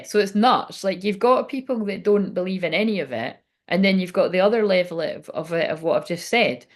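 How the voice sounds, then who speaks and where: Rambling woman giving a tarot reading. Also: on the low side. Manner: rambling, swears freely, digresses. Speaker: tarot reader.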